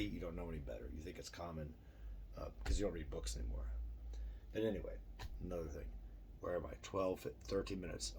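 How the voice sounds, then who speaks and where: A man's voice: on the low side, a little mellow, slightly rough. A middle-aged man vlogging a rambling, profane opinion monologue with self-deprecating asides.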